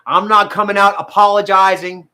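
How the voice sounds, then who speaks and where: A man with a high, bright voice talks to his live viewers in a loose, rambling way, full of fillers and curses. He drifts between laughter and tears as he opens up. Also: steady tone, moderate pace. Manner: rambling, frequent fillers, heavy swearing. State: tearful at times. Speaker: vlogger talking to live viewers. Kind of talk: emotional casual livestream talk.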